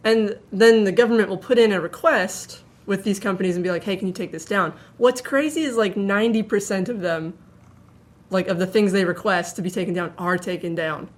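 A woman's voice: mid-range voice, fairly quick. Chatty woman saying "like" a lot. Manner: chatty, filler-heavy with "like". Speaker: podcast co-host. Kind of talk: casual chat.

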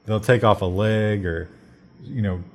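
A man's voice: fairly low pitch, a little slow, a little hiss or hum. An American man co-hosting a casual news chat, talking with wry joking asides. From United States. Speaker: podcast co-host.

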